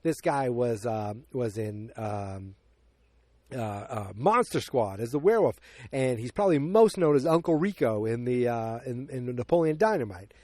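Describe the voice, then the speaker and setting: A man's voice: medium pitch, expressive, normal speed, darkish tone, dry recording. Rambling man recapping a movie, dry sound. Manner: rambling, with many fillers and acted-out quotes. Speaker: podcast host.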